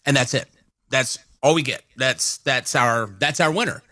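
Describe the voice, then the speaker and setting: A man's voice: mid-range voice, normal speed, sharp tone, no room sound. A man co-hosting a morning radio show, talking in a rambling, conversational way at a studio mic. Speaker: radio co-host. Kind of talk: casual morning radio chat. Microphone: studio microphone.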